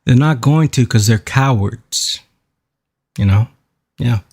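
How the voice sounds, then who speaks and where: A man streaming a reaction to a video, excitable and profane as he hypes up the clip he is playing. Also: mid-range voice, slow, husky. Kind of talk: live-stream reaction commentary.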